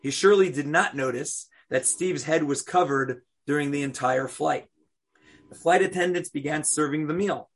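Husky man teaching a lively Torah class. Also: fairly high pitch, normal speed. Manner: animated storytelling, asks students questions.

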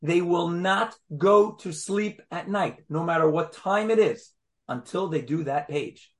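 Teaching a lively Torah class, a man with a notably high voice speaks emphatically and at an unhurried pace. He keeps tossing rhetorical questions at his listeners.

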